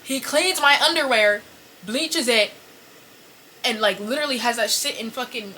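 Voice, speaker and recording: A young woman hosting a podcast, telling an embarrassing story to camera in a casual, animated, profane way, full of fillers and apologies. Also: a little high, slight background noise, rough recording. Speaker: podcast host. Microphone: camera set up in front of her.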